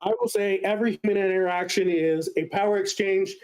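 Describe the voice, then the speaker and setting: A man giving a casual explanatory lecture as a guest speaker, often pausing on filler sounds. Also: sits high, steady tone, a little mellow, poor audio.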